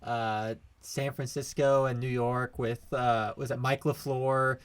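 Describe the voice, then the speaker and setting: A man's voice: mid-range voice, level tone, slow, clean tone. A young man hosting a casual sports podcast, upbeat and joking. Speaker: podcast host.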